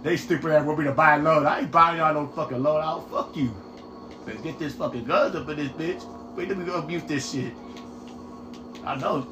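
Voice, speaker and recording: A man streaming a game live, commenting loudly and profanely and trash-talking his teammates in excited bursts. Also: fairly high pitch, normal speed, roomy sound, noisy background.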